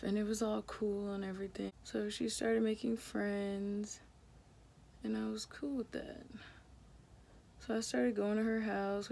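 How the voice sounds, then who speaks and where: Gravelly-voiced young woman telling a story. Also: mid-range voice, warm tone. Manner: chatty, lots of "like", swearing. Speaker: beauty vlogger. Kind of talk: casual storytime while doing makeup.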